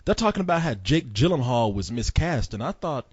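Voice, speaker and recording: A man co-hosting a casual podcast, talking about movies in an enthusiastic, animated way. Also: medium pitch, brisk, slightly rough, dry recording. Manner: enthusiastic, animated, hums tunes and acts out quotes. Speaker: podcast co-host. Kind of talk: casual chat. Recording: dull lo-fi dry podcast audio.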